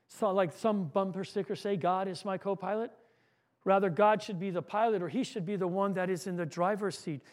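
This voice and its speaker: A man's voice: sits high, fairly even intonation, brisk. A male pastor preaching an earnest sermon, repeating words as he goes and acting out a story.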